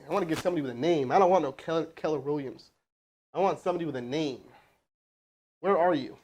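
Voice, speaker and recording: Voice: mid-range voice, fast, a little mellow. A sales trainer giving a casual screen-share walkthrough, muttering to themselves while working a computer and tossing informal asides to a colleague. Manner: informal, slangy, talking to a colleague off-mic.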